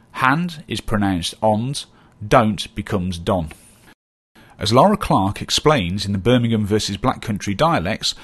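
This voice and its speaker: Male documentary narrator, slightly low pitch, steady and measured delivery. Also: breathy edge. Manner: measured, reads out word lists.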